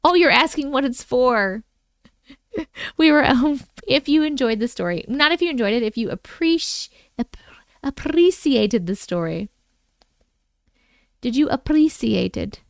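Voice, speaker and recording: A woman's voice: high-pitched, moderate pace, gravelly, no room sound, studio quality. A woman hosting a casual livestream, chatting playfully and talking to herself between the viewer stories she reads. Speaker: host reading viewer stories.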